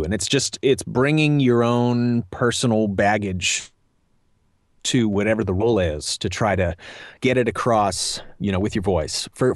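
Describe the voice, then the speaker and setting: A man's voice: lowish voice, no room sound, studio quality. A middle-aged man, a voice actor, answering interview questions in a thoughtful, meandering way with many fillers. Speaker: voice actor guest.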